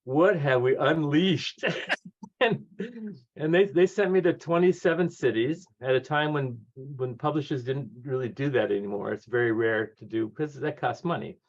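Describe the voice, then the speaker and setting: Guy in his 60s spinning a story, mid-pitched, laughs a lot, kinda muffled audio. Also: normal speed. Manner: lively anecdotes, acts out quoted voices, laughs often. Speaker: guest author. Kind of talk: conversational storytelling. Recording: dull lo-fi audio.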